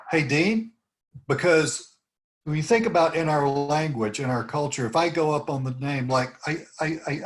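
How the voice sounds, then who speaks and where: A man leading an informal team meeting over a video call, rambling through tips and acting out sample phrases. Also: on the high side. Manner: rambling, demonstrates phrases with rising intonation. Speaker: team leader coaching cold calls.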